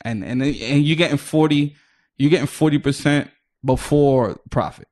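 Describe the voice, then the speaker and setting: A man's voice: a little high, normal speed, a little mellow. A man from the Bronx, a comedian, telling a long casual story as a podcast guest. He swears freely, restarts his sentences, and acts out other people's lines. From New York, the Bronx.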